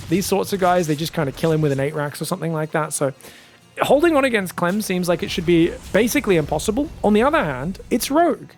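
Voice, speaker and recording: A man with a fairly high voice casts a video game match on his own. He talks in an excitable, chatty way, laughs a lot and often stumbles and restarts his sentences. Faint music plays under him. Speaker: esports caster. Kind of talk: solo game commentary.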